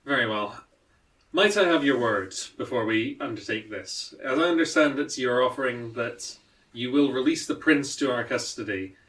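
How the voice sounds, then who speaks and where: A man's voice: medium pitch, a bit bright, distant mic, close to an everyday voice. A man doing a formal, weary adventurer. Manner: formal, polite.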